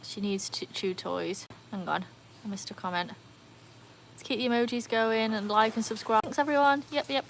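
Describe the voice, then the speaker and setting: A woman hosting a casual livestream by her pool, chatting excitedly and answering viewer comments. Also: fairly high pitch, moderate pace, slight background noise. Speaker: livestream host. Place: outdoors by a backyard pool. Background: faint outdoor ambience, dogs.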